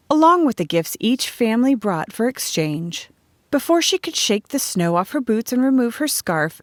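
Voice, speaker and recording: A woman narrating a children's storybook in a calm, measured reading. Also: mid-range voice, no room sound, clean studio sound. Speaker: audiobook narrator.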